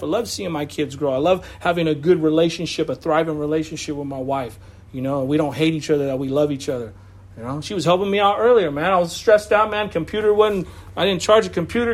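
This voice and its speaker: A man preaching a sermon in a loose, conversational way, with asides and laughs, over a video call. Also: a little high. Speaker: pastor.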